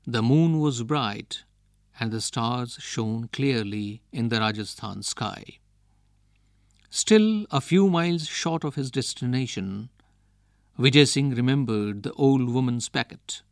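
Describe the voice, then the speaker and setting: A man reads a storybook aloud at a very slow, unhurried pace. His pitch rises and falls expressively, and the recording is dry and close. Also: expressive, dry recording. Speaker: reader.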